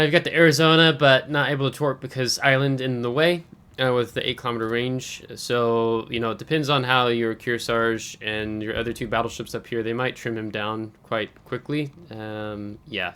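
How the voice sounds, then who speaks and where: A man's voice: mid-range voice, level tone, moderate pace, a bit bright, smooth. A man hosting a channel, giving casual coaching commentary on a viewer's game match, analytical and hesitant with frequent ums, and coughing now and then. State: keeps coughing.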